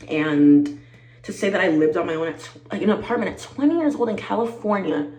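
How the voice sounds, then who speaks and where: A woman in her twenties chatting to camera, animated and talkative, calling her viewers y'all and growing teary-eyed. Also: mid-range voice, fairly quick, reverberant, rough recording. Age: 20s. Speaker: vlogger. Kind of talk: casual chat to camera.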